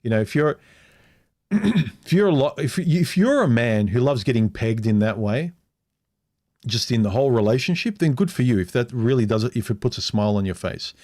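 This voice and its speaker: A middle-aged man talks on a casual livestream, telling a personal story in a frank, loose way. His pitch sits in an ordinary middle range, and he keeps doubling back and restarting his sentences as he goes. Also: expressive, moderate pace, a little mellow. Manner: rambling, frank, restarts often and acts out quoted speech. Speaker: vlogger.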